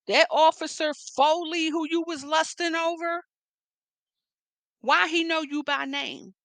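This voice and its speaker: A woman with a Philadelphia accent rants on her vlog, mocking and confrontational. Her voice is fairly high and bright, and the mic is close with no room sound. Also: steady tone, takes it slowly, no echo. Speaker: vlogger. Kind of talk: profane rant vlog.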